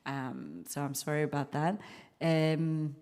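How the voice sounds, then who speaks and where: Woman, 50s, low-pitched, halting lecture delivery, hall reverb. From Vietnam. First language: French. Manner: halting, many restarts and fillers, animated quotes. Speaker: guest lecturer. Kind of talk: university lecture, storytelling.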